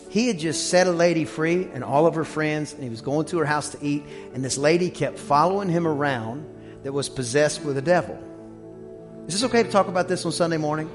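A man preaching a sermon as pastor, telling stories and breaking into shouts on his strongest points. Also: on the high side, expressive, over music. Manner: preaching with rising shouts and quick asides.

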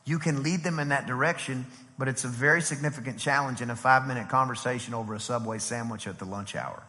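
A middle-aged man preaching a sermon as pastor, lively and conversational, acting out quotes as he goes. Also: medium pitch, fast. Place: church sanctuary. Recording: long hall reverb from a church.

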